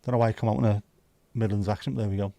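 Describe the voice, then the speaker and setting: A man's voice: on the low side, fairly even intonation, very fast, vocal fry, warm tone, no room sound. A man hosting a livestream, chatting casually with viewers and teasing them. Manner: joking, teasing, chatty banter. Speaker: livestream host.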